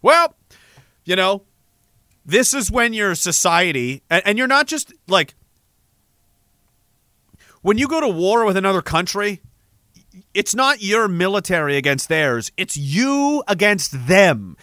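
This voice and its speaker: A young man rants in a loose, profane monologue, restarting his sentences as he gets worked up. His voice is bright and fairly high for a man, and the recording is dry and close. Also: sing-song, unhurried, pauses often, dry recording. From Canada. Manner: profane, heated, rambling with frequent restarts. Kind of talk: ranting casual monologue.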